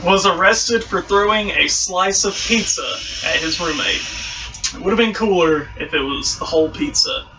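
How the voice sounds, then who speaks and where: A man's voice: high voice, moderate pace, background noise. A man co-hosting a casual podcast, reading odd news articles aloud and laughing through them. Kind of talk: casual chat. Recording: distant mic, dull lo-fi sound.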